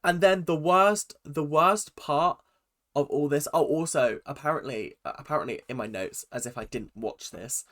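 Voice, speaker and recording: A man's voice: a little high, normal speed, fairly bright tone. A young man giving a chatty, exasperated recap of a reality show, full of ums and restarts. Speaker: reaction vlogger. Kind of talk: casual recap commentary.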